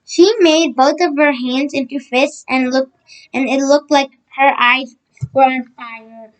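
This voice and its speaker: A woman with a high voice reads a children's book aloud. She trips over words, restarts, and breaks off for casual asides. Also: fairly even intonation, a little slow, low-quality recording. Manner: stumbles over words, adds side comments. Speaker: reader.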